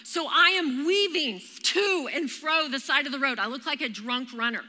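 Woman in her thirties, lively storytelling preacher, piercing high tone, echoing church hall. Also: moderate pace. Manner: animated, storytelling with vivid exclamations. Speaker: church speaker. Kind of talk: sermon. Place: church hall during a live service. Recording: reverberant live church hall.

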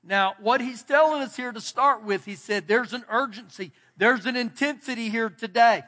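A man's voice: extremely high pitch, normal speed, sharp tone. A man pastor giving a sermon in a church, preaching in an emphatic, folksy way. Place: church sanctuary. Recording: long church hall reverb.

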